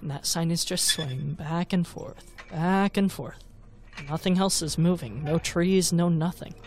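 An actor playing a jumpy, excitable teenage boy who talks casually. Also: on the high side, a little slow, slight background noise. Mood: eerie telling. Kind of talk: audio drama acting.

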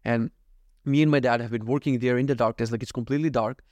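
A young adult man talks at a rapid clip through a rambling solo podcast. He swears freely, mocks himself and slips into quick voices to quote the people around him. The recording is dry and close, with no room sound. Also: mid-range voice, steady tone, a little mellow, no room sound, muffled recording. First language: not given. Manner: fast, rambling, swearing, self-mocking; switches into quick voices when quoting others. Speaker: podcast host. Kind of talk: casual solo podcast monologue. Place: at home.

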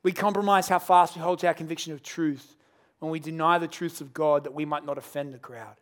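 A male pastor preaching a sermon, telling the story in an animated way and acting out its scenes. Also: fairly high pitch, brisk.

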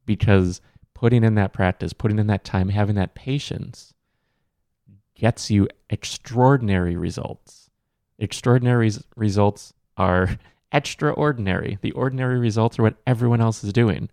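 A man's voice: lowish voice, moderate pace, a little mellow, no room sound. A man co-hosting a casual podcast, talking in an earnest, motivational way with the odd corny joke. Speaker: podcast co-host.

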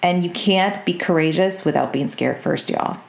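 A woman, coaching her listeners in an energetic, direct podcast talk and checking in with "okay?" and "y'all". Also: on the low side, normal speed, vocal fry, reverberant. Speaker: business coach and podcast host.

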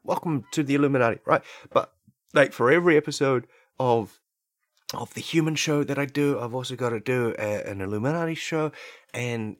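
A man hosting a comedy podcast, rambling through an absurd deadpan monologue full of fillers and tag questions. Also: medium pitch, no room sound, clean studio sound. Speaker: podcast host.

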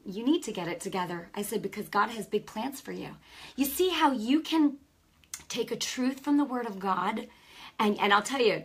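Husky woman preaching casual style, fired up, lots of restarts. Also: mid-range voice, a bit bright. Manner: fervent, conversational, many restarts. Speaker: lay preacher. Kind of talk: informal sermon.

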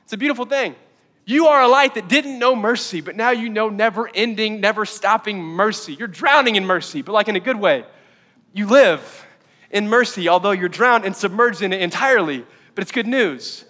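A man preaching a sermon as pastor, energetic and quick to joke in asides. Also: high voice, in a large hall. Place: church auditorium.

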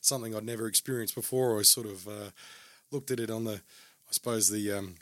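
A man talking openly in a casual chat, pausing often and restarting his sentences. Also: fairly low pitch, steady tone, fairly bright tone, dry recording. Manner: halting, many restarts and fillers. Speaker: guest.

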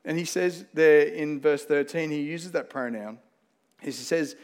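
A man's voice: a little high, a little slow. A man with an Australian accent preaching a sermon, earnest and conversational, weaving in personal stories. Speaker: pastor.

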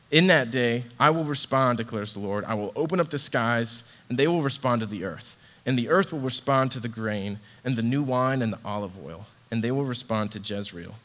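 Brief: man, mid-pitched, heartfelt devotional reading, repeats himself while reaching for words. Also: a bit bright. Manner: earnest, heartfelt, repeats words as he searches for them. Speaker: church ministry associate director. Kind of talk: devotional scripture reading and reflection.

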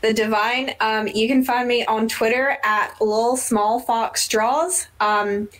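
A woman with a slightly high voice introduces herself at a tabletop game, slow and halting. She fills gaps with um and uh. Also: steady tone, a bit bright, poor audio. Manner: hesitant, many ums. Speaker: player. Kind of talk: casual self-introduction.

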